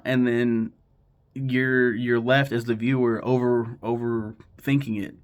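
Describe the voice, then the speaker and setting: A YouTuber in his thirties counts down the cartoons he loves most, chatting to camera in a mid-range, flat voice. Rambling and cursing as he goes, he recaps the stories and fires off characters' lines in quick voices.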